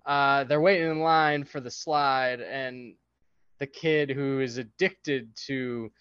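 A man co-hosting a podcast, chatting casually about a movie in an animated way and laughing often. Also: slow, clear, resonant tone, no room sound, lo-fi sound. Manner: animated, acts out quotes in high silly voices, laughs often. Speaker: podcast co-host.

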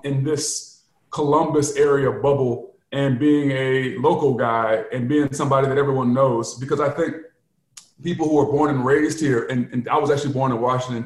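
A man in his forties, a sports show host and former football player, telling candid stories in casual sports talk with animated quotes. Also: mid-range voice, reverberant.

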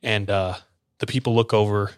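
A man's voice: lowish voice, steady tone, moderate pace, clean tone, no echo, clean studio sound. A man hosting a podcast, casually retelling a story and slipping briefly into the characters' voices. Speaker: podcast host telling a story.

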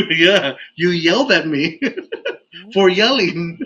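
A Texas-based man hosts a casual podcast, rambling through a story packed with "like"s and breaking into laughter. His voice sits high, animated and sharp, at a slow pace. The recording is dull and lo-fi with faint ambient noise.

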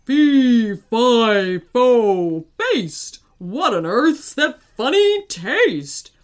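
A woman voicing a huge male giant with a big, booming voice who chants rhymes. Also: sing-song, very slow, exaggerated voice.

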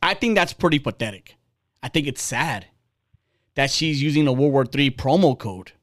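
A podcast host in his forties rants bluntly and heatedly, swearing freely in casual podcast talk. His mid-range voice is expressive and moves at a moderate pace.

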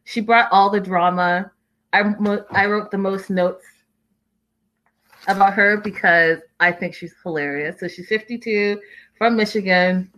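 A woman's voice: medium pitch, fairly even intonation, unhurried, a bit bright, poor audio. A woman hosting a casual recap, chatty and opinionated, with lots of "like"s. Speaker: reality show recap host.

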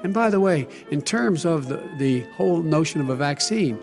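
An older man in a televised debate, talking forcefully, repeating phrases and cutting in. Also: on the high side, expressive, moderate pace, creaky, faint music behind. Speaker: debate candidate. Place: large debate hall.

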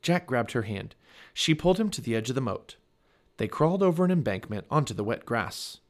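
For a family podcast, a man with a mid-range voice narrates a children's chapter book at a brisk pace, bringing expression to the storytelling.

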